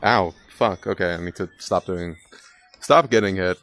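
A man's voice: deep voice, moderate pace, a bit bright. A young man giving casual, rambling gameplay commentary, swearing casually and poking fun at himself. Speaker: gaming video creator.

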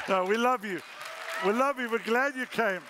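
A middle-aged man preaching as an evangelist, telling a story and acting out the dialogue with sudden jumps in pitch. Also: noisy background. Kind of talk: sermon storytelling.

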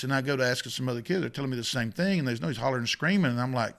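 A man's voice: mid-range voice, very fast, vocal fry, few pauses. A middle-aged man, a youth football coach, telling a story in casual chat, with lots of repeated starts. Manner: animated, self-interrupting with repeats.

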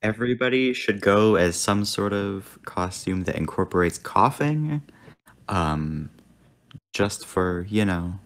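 A man with a lowish voice chimes into a casual stream chat with wry jokes. His intonation moves a lot, rising and falling freely. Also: animated, slow.

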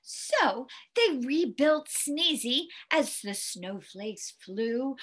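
A woman reading a picture book aloud to children, very expressive, with gasps and hushed whispery asides. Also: high-pitched, slow pace, husky. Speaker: storyteller.

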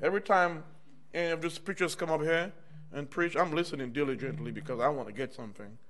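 This fast-talking American minister, middle-aged, has a voice on the high side with a fairly bright tone. Preaching a personal testimony sermon in church, he stays conversational and keeps calling out "amen" and "y'all" to the congregation.

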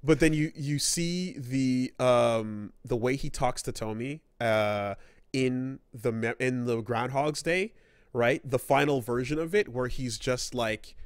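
Guy rambling on a gaming podcast, cussing, mid pitch, dry no-echo sound. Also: a little slow. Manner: rambling, profane, acts out quoted characters. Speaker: podcast co-host. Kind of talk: casual gaming podcast chat.

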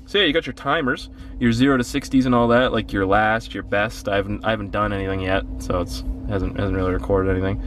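A young man from Canada talks loosely inside a parked car, rambling with plenty of swearing and quick apologies. His pitch sits in an ordinary middle range, with a faint hiss of background noise behind him. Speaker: gaming vlogger. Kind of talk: casual car walkthrough.

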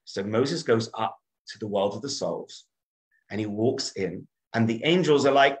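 A man's voice: fairly low pitch, unhurried, low-quality recording. A male rabbi teaching by telling a story, acting out the characters' voices with frequent restarts. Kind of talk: animated storytelling lesson.

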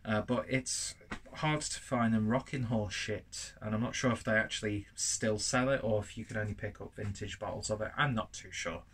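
A man's voice: lowish voice, steady tone, normal speed, fairly bright tone, a little hiss or hum. A man from northern England with a well-spoken southern English accent, reviewing a beer at home in a chatty, rambling, self-deprecating way. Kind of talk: casual review vlog. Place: home, while cooking.

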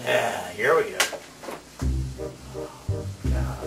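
Exasperated, sarcastic man as a fed-up radio DJ, gravelly voice; roomy, distant mic with music behind. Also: mid-range voice, animated, extremely slow. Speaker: radio DJ in a comedy sketch. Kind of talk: comedic sketch monologue.

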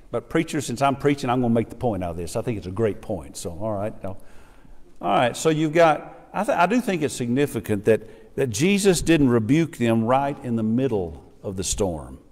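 Animated preacher in a reverberant church. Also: male voice, medium pitch, normal speed. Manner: animated, acts out quoted voices. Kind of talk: sermon. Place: church sanctuary.

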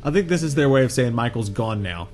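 A man's voice: mid-range voice, lively intonation, quick pace, a little mellow, soft background music. A man co-hosting a casual movie commentary, wisecracking and swearing often. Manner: wisecracking, profane.

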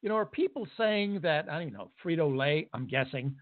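Animated, high-pitched talk radio man. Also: a little fast. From United States. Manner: animated, emphatic, sarcastic. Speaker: radio talk show host. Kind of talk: opinion monologue. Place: radio studio. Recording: phone-like narrow band.

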